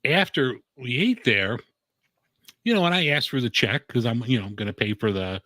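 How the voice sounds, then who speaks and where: A man's voice: mid-range voice, animated, moderate pace, bright, forceful tone, no echo. A man who writes about food and beer, chatting casually on a live stream in a rambling way, full of "like" and "you know".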